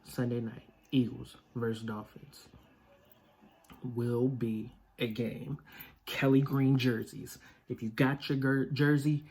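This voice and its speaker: A man hosting a casual sports picks vlog, talking in an unhurried, drawn-out way. He is blunt and opinionated, and his speech is full of ums and uhs. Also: mid-range voice, fairly even intonation, breathy edge. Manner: blunt and opinionated, with many filler words. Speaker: vlog host.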